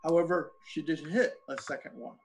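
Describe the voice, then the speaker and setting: A man narrating as game master, pausing with fillers as he describes the scene. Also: fairly high pitch, wildly swooping pitch, creaky.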